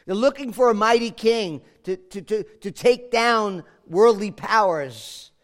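Pastor, male, high voice, dynamic preacher who drops low then builds to emphatic peaks. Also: animated, unhurried. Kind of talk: sermon.

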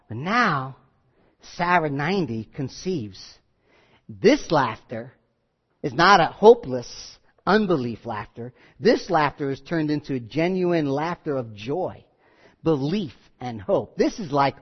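A man's voice: high-pitched, big pitch swings, moderate pace. A man preaching a sermon in a joking, conversational way, acting out the people he quotes. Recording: dull sound in a reverberant hall.

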